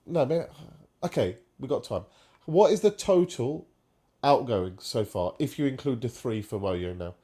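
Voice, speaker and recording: A man's voice: medium pitch, animated, a little slow, dark tone, slightly rough. A man co-hosting a casual live fan stream, chatting and bantering. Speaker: fan podcast co-host.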